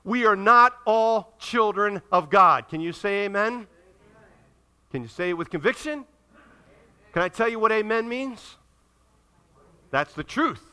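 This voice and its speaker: A male pastor preaching with strong emphasis and acting out the scripture dialogue. His voice sits high for a man, with a very bright, forceful edge. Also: expressive, measured pace, long pauses, clear, resonant tone. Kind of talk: sermon.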